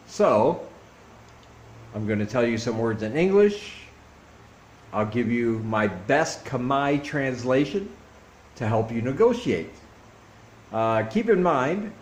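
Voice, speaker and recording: A man vlogging casually, teaching travel phrases slowly and deliberately, repeating each one several times. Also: medium pitch. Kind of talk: casual instructional vlog. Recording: echoey room with faint traffic noise.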